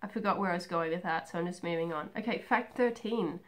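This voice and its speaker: A young woman chatting casually and rambling about herself in a home video, with many pauses and "um"s. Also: lowish voice. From Australia. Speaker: craft vlogger. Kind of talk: casual personal chat.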